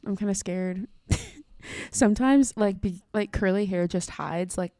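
Chatty young American woman, mellow and dry. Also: mid-range voice, a little slow, no echo. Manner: giggly, chatty, self-deprecating. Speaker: podcast co-host. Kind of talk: casual chat.

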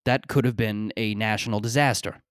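A man hosting a podcast, telling stories in a rambling, profane, animated way, often stammering and restarting his sentences. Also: fairly low pitch, a little fast, smooth, dry recording, clean studio sound. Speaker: podcast host. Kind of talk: casual comedic monologue.

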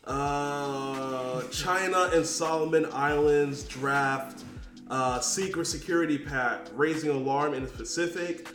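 A man's voice: a little high, slow pace, fairly bright tone, roomy sound, faint music behind. A man hosting a casual podcast, laid-back, steering the topics and reading out news headlines. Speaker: podcast host.

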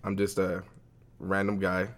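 A man's voice: sits low, monotone, a little slow. A young man co-hosting a podcast, talking in a laid-back, slangy way and laughing often. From Las Vegas. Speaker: podcast co-host. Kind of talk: casual chat.

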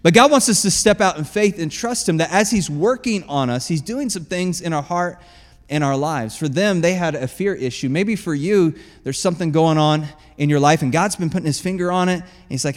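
A man preaching a sermon as pastor, conversational and animated, laughing often and acting out quotes. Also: fairly high pitch, fairly quick, in a large hall.

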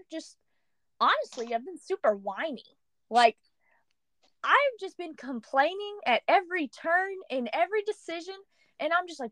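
Young woman chatting on a podcast, high voice, swoops up and down a lot, dry close mic. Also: normal speed, dry recording. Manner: animated, full of "like" fillers. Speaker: podcast co-host. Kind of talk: casual storytelling chat.

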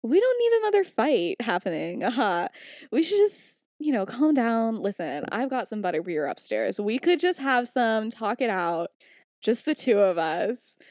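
A woman's voice: fairly high pitch, big pitch swings, normal speed, darkish tone, no room sound, studio quality. A woman playing a cocky, glib teenage boy who coaxes his way out of trouble. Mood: coaxing.

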